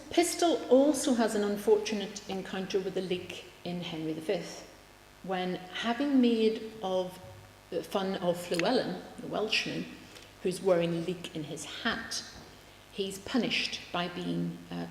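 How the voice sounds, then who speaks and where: Woman lecturer, low and gravelly, wry; reads quotes with emphasis. Roomy hall sound. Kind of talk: public lecture. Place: large lecture room. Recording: echoey hall, faint background hum.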